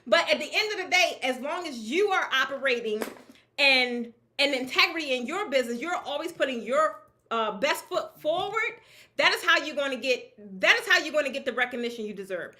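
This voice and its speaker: Briskly and in a high voice, a woman who owns a draping business chats with a room of her peers. The talk is loose and spirited, peppered with laughter and colloquial, emphatic phrasing.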